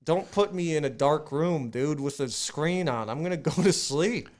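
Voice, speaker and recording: A man co-hosting a podcast, telling a rambling, profane story in casual chat with loud acted outbursts. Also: a little high, expressive, moderate pace. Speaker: podcast co-host.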